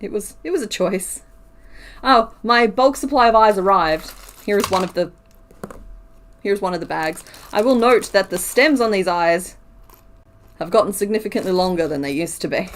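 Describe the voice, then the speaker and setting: A woman's voice: mid-range voice, normal speed, long pauses. A woman streaming while she crochets, talking casually, counting stitches aloud and answering her chat.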